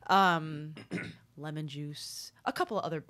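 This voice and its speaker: Brief: woman co-host, lowish voice, loose and profane, quick to laugh. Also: fairly bright tone. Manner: rambling, profane and laughing easily. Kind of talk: casual chat.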